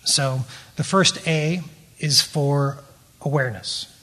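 Brief: middle-aged male recovery teacher, slightly higher voice, measured, earnest, reading prepared notes. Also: bright, forceful tone.

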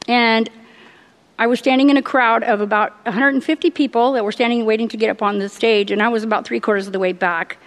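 A middle-aged woman giving a personal faith testimony, earnest and halting, laughing often as she tells it. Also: fairly high pitch, fairly even intonation, in a large hall. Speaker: church member giving testimony.

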